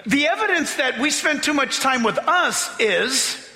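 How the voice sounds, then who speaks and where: A man preaching a sermon in a church, emphatic and animated, slowing down to read scripture and breaking into mocking voices. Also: very high-pitched. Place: church sanctuary. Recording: long reverb of a hall.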